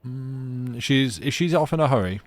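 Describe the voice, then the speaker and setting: A man's voice: medium pitch, lively intonation, moderate pace, dry recording. A man streaming a story game live, reading its narration aloud with casual, chatty asides and playful restarts.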